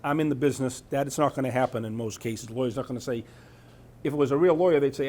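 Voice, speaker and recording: A man's voice: mid-range voice, fast, a little mellow. A man giving an informal talk about scams, reading from a news article with chatty asides and frequent "right?" checks. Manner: chatty, asks "right?" often, trails off mid-sentence. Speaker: presenter at a scam awareness talk.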